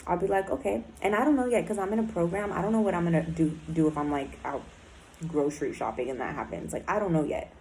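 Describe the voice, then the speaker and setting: A woman's voice: lowish voice, fast talker, darkish tone, a little hiss or hum, poor audio. A woman in a recovery program speaking in a candid personal diary talk, blunt and emotional, swearing often and filling her speech with "like" and "um".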